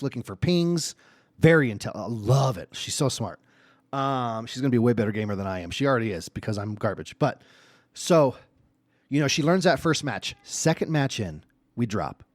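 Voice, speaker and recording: A man hosting a solo podcast, talking casually and animatedly, dropping low and soft and then getting loud and excited. His voice sits in a middle pitch. The recording is dry and close, with no room sound. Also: dry recording. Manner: animated, swings from hushed to excited. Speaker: podcast host.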